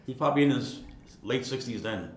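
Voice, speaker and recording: A man around sixty from Queens, telling stories casually as an interview guest, rambling and repeating words. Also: a little fast. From Queens, New York. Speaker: guest, retired ironworker. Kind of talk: casual storytelling. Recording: echoey room, faint rumble.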